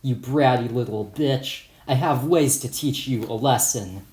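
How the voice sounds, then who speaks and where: A man's voice: mid-range voice, unhurried, a little mellow, close to an everyday voice. A man voicing a hot-tempered store owner in an audiobook, scolding with a raised voice. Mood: angry. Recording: roomy echo.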